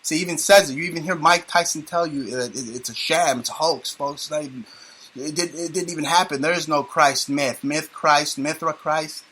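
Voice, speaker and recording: A man's voice: on the high side, brisk, sharp tone, slightly rough, low-quality recording. A man hosting a talk radio show, sarcastic and rambling in casual banter.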